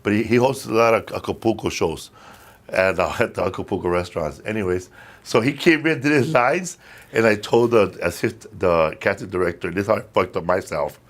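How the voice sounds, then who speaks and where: A man's voice: on the low side, a little fast. A man hosting a podcast, telling stories in a loose, profane, laughing way. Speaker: podcast host. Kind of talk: casual chat.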